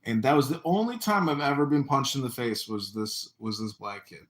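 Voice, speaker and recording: A man hosting a casual livestream chat, telling rambling stories and loudly acting out what people said. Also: medium pitch, moderate pace. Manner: rambling storyteller, acts out quotes loudly. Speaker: livestream host. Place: apartment. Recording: echoey room.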